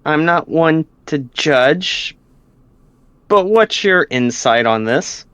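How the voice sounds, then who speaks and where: A man's voice: a little high, animated, slow pace, a bit bright, smooth, no room sound. A man playing a character in a tabletop game, laid-back, with a lot of fillers. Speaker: player. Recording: dry, dull lo-fi mic.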